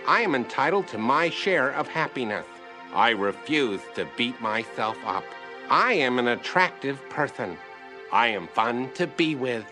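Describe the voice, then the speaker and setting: This is a lisping, painfully sincere self-help host from a comedy sketch. He reads his affirmations slowly and soothingly, at a middle pitch. Music plays clearly behind him. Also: sing-song. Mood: earnest. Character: gentle, earnest male self-help TV host.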